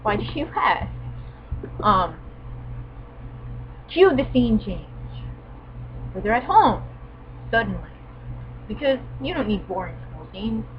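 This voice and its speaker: A woman's voice: medium pitch, very animated, takes it slowly, long pauses, lo-fi sound, slight background noise. A woman reviewing an anime in sarcastic, casual commentary, full of profane, mock-exasperated asides.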